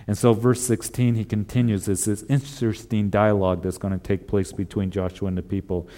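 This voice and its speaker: A man's voice: fairly low pitch, level tone, brisk, dark tone. A male pastor preaching a sermon in an earnest way, repeating emphatic refrains.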